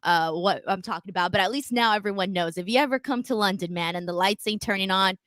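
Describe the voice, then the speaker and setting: A woman hosting a casual livestream podcast, telling stories in an animated way and swearing freely. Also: mid-range voice, fast talker, dry recording. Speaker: podcast host.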